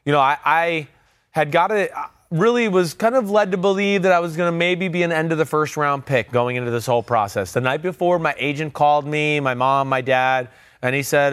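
A man's voice: a little high, a little fast, fairly bright tone, smooth, no room sound, studio quality. A former quarterback in his forties, a guest telling stories about his career and acting out what others said. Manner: storytelling, acts out quotes from others. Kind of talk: casual interview talk.

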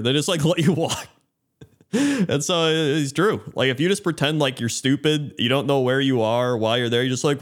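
A man co-hosting a podcast, chatting casually in a relaxed, laid-back way. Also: mid-range voice, fairly quick. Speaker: podcast co-host. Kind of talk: casual chat.

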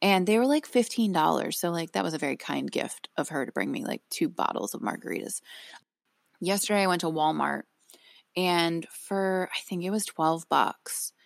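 A woman's voice: lowish voice, lively intonation, moderate pace, vocal fry, no room sound, studio quality. A young woman co-hosting a podcast, chatting casually and rambling, often interrupting herself mid-sentence. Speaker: podcast co-host. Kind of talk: casual chat.

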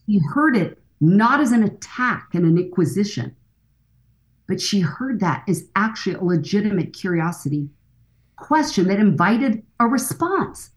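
A woman's voice: mid-range voice, measured pace, poor audio. A woman guest on a podcast interview telling stories with energy and acting out the voices of the people in them. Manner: lively storytelling, acting out quoted voices. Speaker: guest expert on fathers and daughters.

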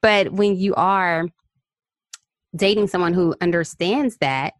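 A woman host with a lowish voice talks candidly and chattily, opening up about her own experiences. The sound is dry and close, with no room echo. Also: slow pace. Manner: candid, chatty, shares personal stories. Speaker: podcast host. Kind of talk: conversational interview.

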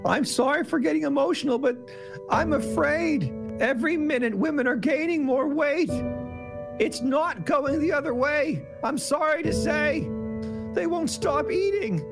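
A man doing a weepy gravelly Canadian pundit. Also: very high-pitched, measured pace, heavily acted. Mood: mournful ranting. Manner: mournful, apologetic rant. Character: mock gloomy male pundit, weepy and grumbling. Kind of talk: comedy sketch impression. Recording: loud music underneath.

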